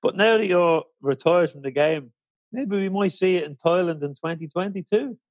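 A man's voice: sits high, normal speed, no room sound. A man hosting a podcast interview, asking chatty, friendly questions. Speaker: podcast host. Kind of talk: casual interview.

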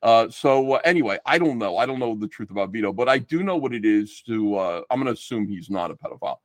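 A middle-aged man talking casually as a podcast guest and acting out quoted exchanges as he goes. His voice swings widely in pitch. The recording is dry, with no room sound. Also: quick pace, dry recording. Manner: animated, swearing, acts out quoted exchanges.

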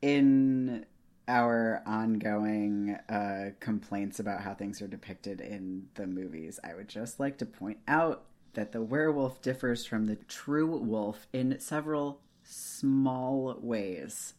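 Female podcast co-host, unhurried and dryly amused, casual chat. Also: rumbling low, a little mellow. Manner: slow, musing, wry. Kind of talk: casual book discussion podcast.

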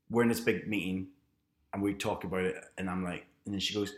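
A man's voice: on the low side, fairly quick, a bit bright. A man in casual conversation, giving advice about work and telling his own office story. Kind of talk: casual chat. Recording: roomy echo.

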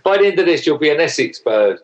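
A man's voice: fairly high pitch, big pitch swings, quick pace, dull audio. A man in his sixties from England, hosting a casual chat in an easygoing, jokey way. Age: 60s. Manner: easygoing, jokey, laughs along.

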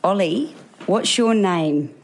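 A woman's voice: mid-range voice, animated, takes it slowly. A woman co-hosting a podcast, chatting casually and telling funny stories with frequent laughs. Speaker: podcast co-host. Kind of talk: casual chat.

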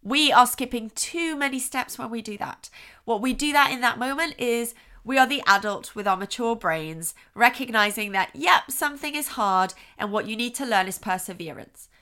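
A woman's voice: a little high, moderate pace. A woman hosting a parenting podcast, explaining advice and acting out short voice examples. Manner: expressive, acts out soothing and frustrated voices as examples.

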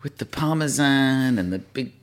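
A man recounts stories in a loose, chatty way. His pitch sits mid-range but swings widely, and he laughs easily at his own tales. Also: moderate pace. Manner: lively storyteller, laughs through his stories. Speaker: guest. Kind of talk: casual anecdote over a meal.

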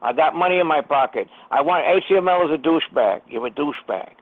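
A man's voice: on the high side, animated, fast, no room sound. A man hosting a prank call-in, ranting with menacing, profane threats. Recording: tinny phone line.

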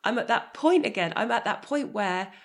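A woman's voice: on the high side, moderate pace. A woman in her thirties, a guest, talking candidly and with energy in a conversation, now and then swearing. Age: 30s. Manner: energetic and emotionally open, swears.

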